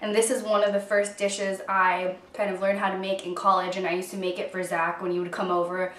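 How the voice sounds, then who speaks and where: A woman's voice: mid-range voice, little pitch movement, fairly quick, fairly bright tone. Chatty young woman in a roomy kitchen. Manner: chatty, upbeat and self-joking. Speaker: home cook. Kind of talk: cooking demonstration. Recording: roomy kitchen audio from a distance with faint guitar music.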